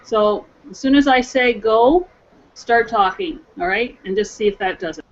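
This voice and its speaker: A woman hosting a webinar, giving quick, practical directions. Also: medium pitch. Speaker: webinar host. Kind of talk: casual instructions. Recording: dull web call audio.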